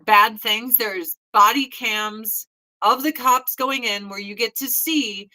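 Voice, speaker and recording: Profane, bright-voiced woman in her forties. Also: on the high side, takes it slowly, poor audio. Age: 40s. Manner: blunt, profane, mocking mimicry. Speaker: host. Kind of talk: casual chat.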